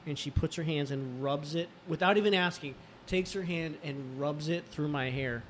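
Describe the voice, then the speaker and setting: A man in casual chat, telling a story haltingly, with fillers and restarts. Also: on the high side, a bit bright, slight background noise.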